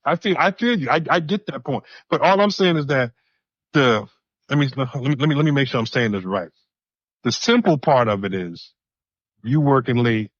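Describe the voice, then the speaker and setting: A man's voice: mid-range voice, expressive, moderate pace, dry recording. A married man in a casual podcast discussion, emphatic and restating his point over and over before making it. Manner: emphatic, repeats his lead-ins. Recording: dull, dry recording.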